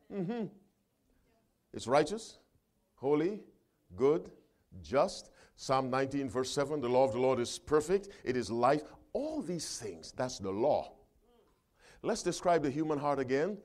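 A man preaching a sermon, reading scripture aloud with his congregation and calling for responses, loud and emphatic on the verses and quieter between them. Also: medium pitch, big pitch swings, measured pace, long pauses.

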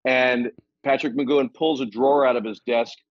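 Middle-aged male actor guest, lively anecdotes, casual swearing, dull dry recording. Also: mid-range voice, moderate pace, no echo. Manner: animated, swears casually, many restarts.

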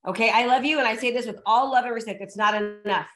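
In an echoey room, a high-pitched woman coaches real estate agents through a motivational seminar, speaking quickly with a slightly bright tone. She's full of energy and emphasis, repeating her key points and calling out to the crowd.

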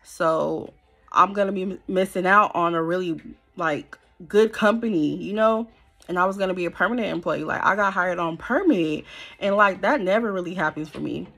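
A young woman telling a personal story to camera in a casual, slangy, animated way. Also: lowish voice, normal speed, gravelly. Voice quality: animated, slangy and conversational, with many fillers. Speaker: storytime vlogger.

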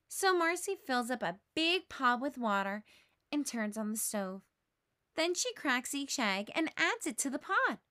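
A woman, a teacher, reading a children's storybook aloud in a clear, expressive way. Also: high-pitched, a little slow.

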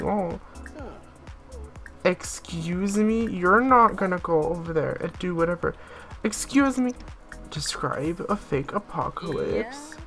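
A woman's voice: fairly low pitch, a bit bright. A woman in her late teens giving casual, chatty let's-play commentary, bossing her game characters around and laughing often. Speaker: gaming YouTuber.

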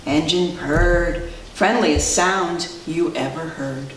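A woman who teaches preschool, reading a picture book to small children in an animated, sing-song way and quizzing them as she goes. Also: low-pitched, slow, slight background noise. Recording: echoey room, distant mic.

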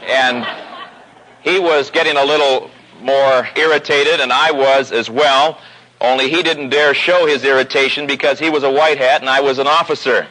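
A man preaching a sermon, telling a personal story with growing animation and pausing slowly on key points. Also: pushed and bright, low-quality recording. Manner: storytelling, rising pitch as the story builds. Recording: old radio broadcast recording.

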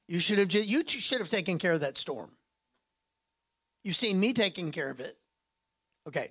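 A man preaching a sermon in a church, animated and joking, acting out voices as he goes. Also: high voice. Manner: animated, acts out quoted voices and jokes. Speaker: guest preacher.

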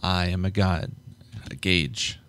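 A man narrating an audiobook live in a measured way, going back over flubbed lines. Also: deep voice, fairly bright tone.

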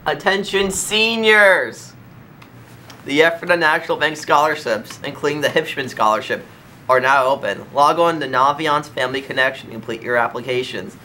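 A man's voice: mid-range voice, a little fast, pushed and bright, a little hiss or hum. A man reading school morning announcements over the intercom, stressing key words emphatically.

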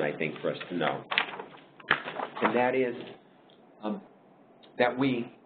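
A man presenting a webinar over slides, explaining in a measured way with frequent pauses and restarts. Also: on the low side. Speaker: diversity consultant leading a webinar. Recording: tinny phone-like line with faint noise.

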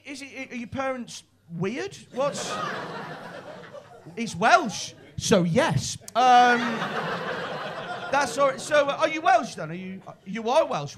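A stand-up comedian with a Liverpool accent doing crowd work, brash, sweary and teasing. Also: male voice, very high voice. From Liverpool, England.

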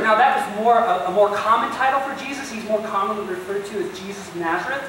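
Pastor preaching in a very echoey church. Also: male voice, high-pitched, fast talker, few pauses, a little hiss or hum. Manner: animated storytelling preacher, addresses listeners directly. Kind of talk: sermon. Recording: very echoey distant church recording.

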